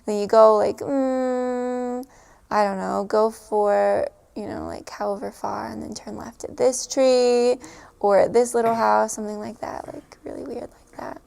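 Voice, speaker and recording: A woman's voice: fairly high pitch, steady tone, measured pace, vocal fry, darkish tone, smooth. A woman chatting casually and giggling often, with lots of fillers as she recalls her time abroad. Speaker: storyteller recalling a stay abroad. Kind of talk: casual chat to camera.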